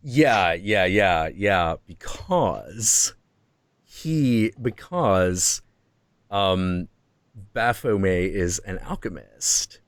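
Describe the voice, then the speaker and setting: A man hosting a stream who tells a story in a profane, excitable way and acts out the quotes. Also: low voice, drawn-out words, dry recording. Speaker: host.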